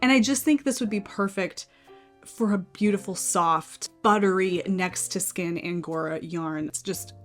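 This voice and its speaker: A woman's voice: mid-range voice, measured pace, faint music behind. An American woman hosting a knitting channel, chatting through pattern picks in a casual, think-aloud way.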